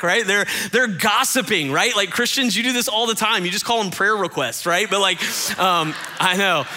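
A man's voice: high-pitched, moderate pace, few pauses, pushed and bright. A man preaching a sermon in a conversational way, often repeating words and talking straight to his listeners. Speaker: pastor.

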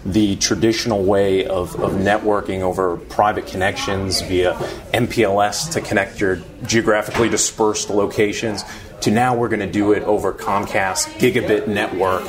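Male sales-manager guest, low voice, eager tech explainer, crowd chatter around him. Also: steady tone, moderate pace. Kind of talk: explaining technology. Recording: busy store crowd noise.

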